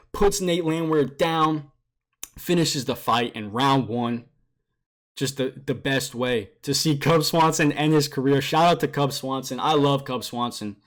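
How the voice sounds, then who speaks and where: A young man giving a casual, emotional recap of fight night as a vlogger, repeating himself and using slang. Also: mid-range voice. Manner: animated, emotional, repeats phrases, uses slang like bro and dude. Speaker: MMA YouTuber recapping fights.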